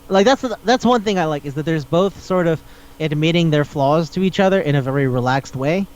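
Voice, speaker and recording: A man's voice: fairly high pitch, a little fast, highs cut off. A man hosting a casual podcast chat, rambling and swearing as he retells scenes and acts out the dialogue. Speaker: podcast host.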